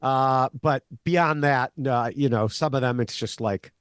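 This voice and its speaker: A man co-hosting a podcast, recapping a reality show in a casual, animated way and laughing often. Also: mid-range voice, a little slow, smooth, no room sound. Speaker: podcast co-host, Survivor expert.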